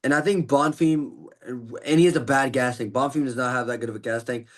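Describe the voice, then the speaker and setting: A man's voice: medium pitch, fairly quick. A man talking through fight predictions in a loose, rambling way, with plenty of fillers. He sounds tired and a little out of breath. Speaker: podcast host giving fight predictions. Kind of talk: casual fight breakdown.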